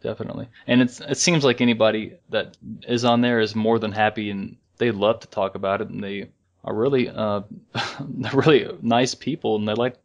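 A man's voice: fairly low pitch, moderate pace, lo-fi sound. Easygoing male podcast co-host. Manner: relaxed, rambling with restarts and chuckles. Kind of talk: casual fan podcast chat.

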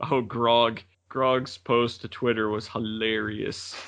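A man co-hosting a casual fan podcast, agreeable and quick to laugh. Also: mid-range voice, little pitch movement, creaky, a bit bright. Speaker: podcast co-host.

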